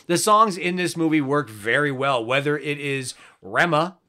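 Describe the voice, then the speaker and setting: A man co-hosting a comedy podcast, throwing out crude jokes and quick quips. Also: on the high side, expressive, pushed and bright. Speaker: podcast co-host. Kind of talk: casual comedy podcast chat.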